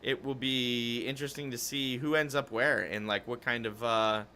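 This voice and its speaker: A man's voice: mid-range voice, fairly even intonation, normal speed, sharp tone, clean tone. A man hosting a casual esports podcast, rambling and cutting himself off as he chats. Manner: rambling, self-interrupting, chatty. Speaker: podcast host.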